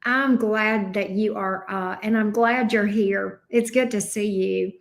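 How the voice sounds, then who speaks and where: A woman's voice: mid-range voice, steady tone, a little slow. A woman with a Southern US accent hosting a tarot livestream, chatting casually and greeting viewers by name in a bubbly way.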